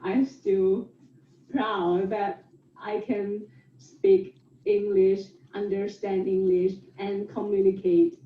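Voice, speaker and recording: Slow Thai-accented young woman, roomy sound. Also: medium pitch, flat delivery. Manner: slow, careful, cheerful, laughs often. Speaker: former exchange student. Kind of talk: prepared personal talk. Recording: roomy, muffled with faint noise.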